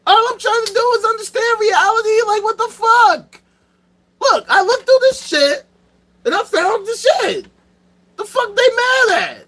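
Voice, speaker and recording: Man doing a shrill, exasperated persecuted scientist. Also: measured pace, a bit bright. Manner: profane, shrill complaining. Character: exasperated persecuted male scientist, whiny and high.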